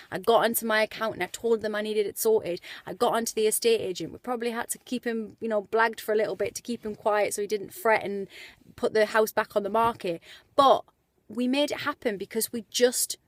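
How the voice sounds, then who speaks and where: A woman's voice: mid-range voice, dry recording. A woman, chatting in a casual motivational vlog with lots of fillers. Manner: chatty and animated, with many fillers. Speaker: vlogger. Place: indoors as light fades.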